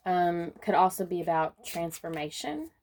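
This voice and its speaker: A woman giving a casual spoken tarot reading, unhurried and musing, often breaking into soft laughter. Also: fairly low pitch, animated, a little hiss or hum. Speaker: tarot card reader.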